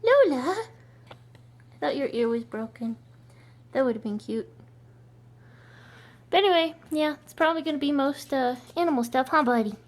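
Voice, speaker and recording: A young woman with a high-pitched voice vlogs while training her dog, speaking at a normal speed with long pauses. She chats casually and praises the dog in bubbly, coaxing baby talk.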